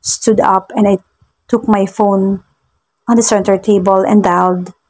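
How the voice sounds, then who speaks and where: A woman with a Filipino accent reading a first-person romance story in a soft narrating voice. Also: mid-range voice, level tone, a little slow. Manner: soft, husky narration mixing Tagalog and English.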